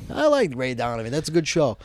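A New York-accented man jumps in with animated, cursing stories as a podcast co-host. His voice sits at an ordinary middle pitch. The sound is dry and close, with no room around it. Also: fast, no echo. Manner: animated, profane storytelling. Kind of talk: casual chat.

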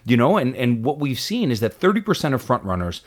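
A man co-hosting a casual political talk show, animated and quick to act out the people he quotes, with frequent restarts. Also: mid-range voice. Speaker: podcast co-host.

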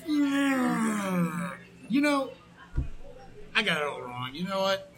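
A man's voice: high voice, sing-song, moderate pace, fairly bright tone. A man in a casual comedic debate, mocking his topic with sarcasm. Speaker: debate participant.

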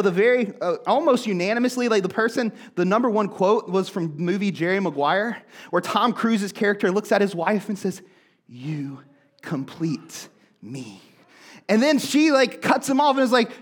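A young man preaching a casual sermon, animated and chatty, full of asides. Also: sits high. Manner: animated, chatty, fills talk with "like". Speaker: pastor.

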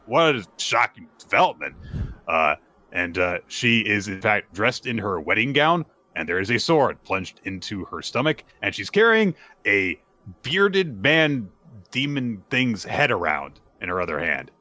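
A man hosting a podcast, retelling a manga chapter in a casual, animated and playful way. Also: fairly low pitch, unhurried. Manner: animated, playful, acts out characters. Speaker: podcast host.

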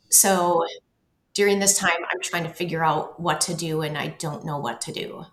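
Low-voiced woman, halting, echoey room. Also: steady tone, a bit bright. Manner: halting, repeats words while recounting. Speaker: interview guest. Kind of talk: personal storytelling. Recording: roomy echo.

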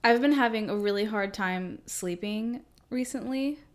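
A woman's voice: medium pitch, unhurried. Giggly young woman telling stories. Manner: giggly, storytelling, animated retelling. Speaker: podcast co-host. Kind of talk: casual chat.

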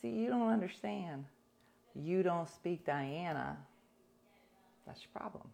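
A woman's voice: lowish voice, lively intonation, takes it slowly, creaky, dark tone. A woman hosting a casual livestream, telling stories to her viewers in a wry, sarcastic way. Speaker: livestream host.

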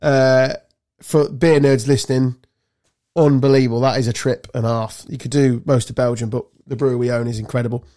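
A man from England co-hosting a podcast, telling animated, sweary travel stories in casual chat. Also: mid-range voice, a little fast. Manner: swearing storyteller, animated anecdotes. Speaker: podcast co-host.

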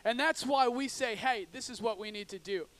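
High-voiced animated preacher man. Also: moderate pace. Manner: animated preaching, acts out frustrated drivers, swings from loud to hushed. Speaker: pastor. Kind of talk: sermon.

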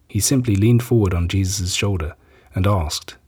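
Husky, dark-voiced male scripture reader. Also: deep voice. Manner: measured, solemn. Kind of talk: scripted Bible reading.

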